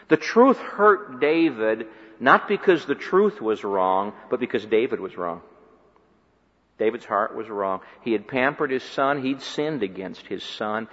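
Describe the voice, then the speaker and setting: A man preaching a sermon, swinging from loud emphatic peaks to quiet low asides. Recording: dull recording with long hall reverb.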